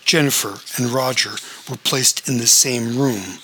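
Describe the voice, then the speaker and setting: A man reading a story aloud as the narrator, in a steady, even manner. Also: medium pitch, measured pace, slightly rough, poor audio. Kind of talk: audiobook narration.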